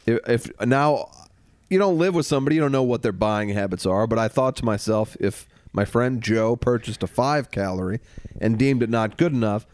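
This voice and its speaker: Drugged up podcast guy, deadpan jokes, dry room. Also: medium pitch, no room sound. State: drugged, in neck pain. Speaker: podcast co-host. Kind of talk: casual chat.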